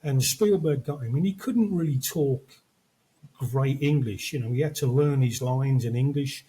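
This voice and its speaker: An older man in easy podcast chat, spinning movie anecdotes at a steady everyday pitch. He slips into quoted lines as he tells the story. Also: moderate pace, rough recording. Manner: storytelling, acts out quotes from films. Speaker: podcast co-host. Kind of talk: casual chat.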